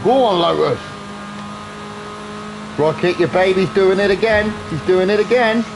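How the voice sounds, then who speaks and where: This is a woman livestreaming a racing game from her home setup, talking into a desk mic. Her voice sits in a middling range, and she teases her friends and swears freely in easy, excitable banter. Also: medium pitch, measured pace, noisy background. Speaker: gaming livestreamer. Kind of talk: casual live gaming commentary.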